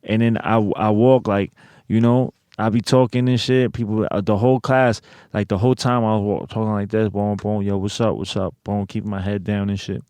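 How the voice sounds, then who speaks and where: Speaking fairly quickly in a low, level, warm and resonant voice, an American interview guest shares a personal story in a casual setting. The sound is clear with no room sound, and he is profane and streetwise, leaning on lots of filler.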